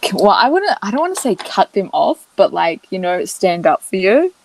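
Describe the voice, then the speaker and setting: A woman's voice: mid-range voice, big pitch swings, moderate pace, creaky, slight background noise, low-quality recording. A woman in her twenties co-hosting a podcast, chatting casually and reacting to her friend's story with short remarks and questions. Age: 20s. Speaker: podcast co-host. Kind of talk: casual chat.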